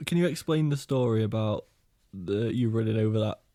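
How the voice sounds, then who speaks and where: A man's voice: fairly low pitch, a little fast, dark tone. A man co-hosting a comedy podcast, teasing his co-host with short prompts and quips. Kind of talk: casual podcast banter.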